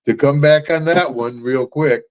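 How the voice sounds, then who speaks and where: An older American man with an American accent, telling lively road stories as an interview guest, chuckling and calling people brother. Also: fairly high pitch, unhurried, poor audio. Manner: animated storyteller, chuckling, calls people brother. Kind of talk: storytelling interview.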